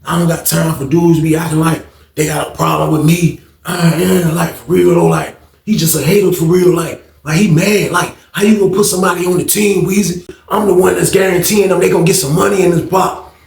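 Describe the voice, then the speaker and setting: A man voicing a brash young hustler who talks loud and boastful and repeats his lines, in an echoey room. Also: a little high, brisk, creaky. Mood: defiant.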